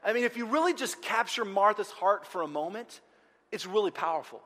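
A man preaching a sermon as pastor, moving between loud outcries and hushed, quiet passages. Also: high-pitched, animated, a little fast. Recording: long hall reverb.

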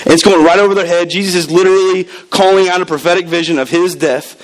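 A man preaching to a congregation, his pitch sitting a little above the usual for a man. He tells stories and jumps in and out of the voices of the people he quotes, his delivery lively and shifting. It sounds like a church service. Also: fast talker, poor audio. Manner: animated storytelling with acted quotes. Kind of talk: sermon.

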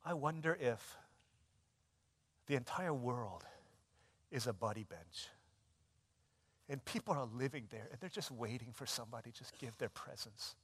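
A male pastor preaching a sermon, telling stories animatedly and moving between loud and hushed. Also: medium pitch, animated, moderate pace, long pauses, husky. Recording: long hall reverb.

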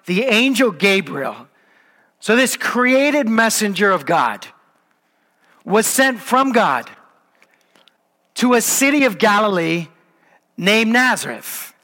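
A man preaching a sermon, telling the story in a casual, conversational way with lively asides. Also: sits high, takes it slowly, long pauses. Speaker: pastor. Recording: long hall reverb.

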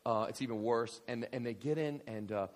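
A male guest preacher telling a story in a sermon, full of restarts and rising to shouts. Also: medium pitch, brisk. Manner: animated, many restarts, builds to shouting.

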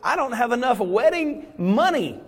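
A preacher putting on a pleading doubter voice. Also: male voice, very animated, normal speed, slightly rough, long reverb tail, heavily acted. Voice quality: high, protesting. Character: doubting believer, male adult, pleading.

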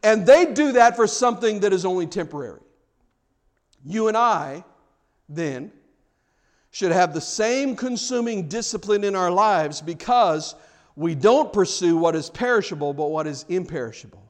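A man's voice: sits high, animated, normal speed. A man preaching a sermon to his church, talking casually with the congregation and building to fervent emphasis. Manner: conversational, rising to fervent emphasis; jokes with the congregation. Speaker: pastor.

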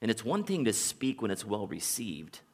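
A man preaching a sermon as a pastor, relaxed and conversational, telling stories and chuckling now and then. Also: on the low side, moderate pace, breathy edge, in a large hall. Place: church sanctuary.

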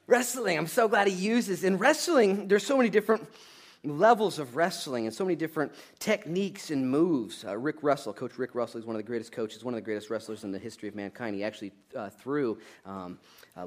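A man preaching a sermon in a lively, conversational way, laughing now and then and building to emphatic, loud peaks. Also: mid-range voice, a little fast. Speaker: pastor.

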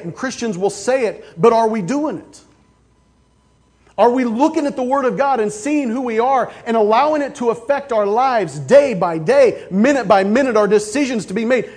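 A male pastor preaching a sermon, with casual stories and sudden loud, emphatic outbursts. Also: very high voice, expressive, moderate pace.

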